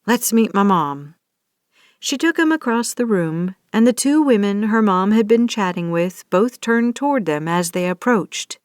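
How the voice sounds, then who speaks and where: A woman narrating a romance audiobook in a steady, scripted reading. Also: mid-range voice, measured pace, smooth, dry recording, clean studio sound.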